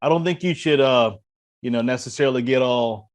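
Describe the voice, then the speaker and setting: A man hosting an interview, speaking in a measured conversational way. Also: medium pitch. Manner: measured, many brief affirmations. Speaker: interview host.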